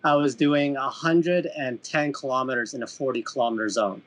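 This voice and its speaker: A man's voice: medium pitch, fairly even intonation, fairly quick, fairly bright tone. A man in his thirties from Canada hosting a casual podcast, telling a story with many restarts and self-mocking laughs. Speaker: podcast host.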